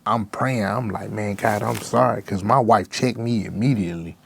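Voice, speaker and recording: A man's voice: lowish voice, normal speed, creaky, slight background noise. A young man, a rapper guest, talking candidly and emotionally in slang-heavy speech. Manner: raw, emotional, slangy with constant "bro". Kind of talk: candid interview talk.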